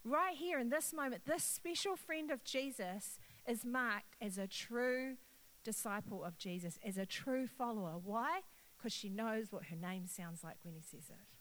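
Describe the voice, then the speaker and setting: A middle-aged woman preaching a lively sermon and talking directly to her congregation. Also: on the high side, unhurried, rough recording. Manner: animated, playful, talks directly to the crowd.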